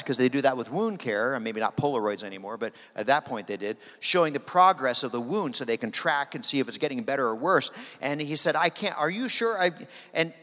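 A man tells a story from the pulpit in a fairly high voice, jumping between quieter narration and louder acted lines. His words ring out with a long reverb from a big hall around him. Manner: animated storytelling, acting out quoted voices. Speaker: preacher. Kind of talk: sermon storytelling.

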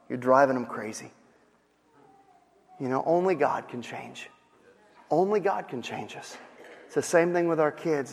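A man preaching a sermon as pastor, dynamic, acting out panicked voices of others. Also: fairly high pitch. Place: church sanctuary. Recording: long hall reverb.

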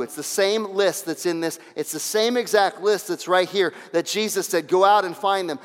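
A man preaching with a fairly high voice, pressing his points by repeating them and moving from quiet intensity to loud calls. His voice rings out with a long reverb, as in a church sanctuary. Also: normal speed, hardly any pauses. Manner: emphatic, repeats lines for effect, swings from hushed to shouting. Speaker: pastor. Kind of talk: sermon.

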